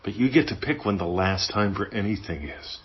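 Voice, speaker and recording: A man's voice: fairly low pitch, fairly quick. A man hosting a podcast, teaching in a casual, playful way and acting out little inner voices. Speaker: podcast host. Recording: dull lo-fi sound.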